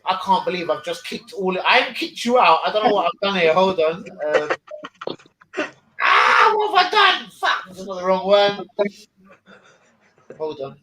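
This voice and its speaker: A man hosting a live stream, talking loudly and excitably and swearing a lot. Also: sits high, normal speed, noisy background. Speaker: stream host. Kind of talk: casual live stream chat. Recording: roomy echoey room.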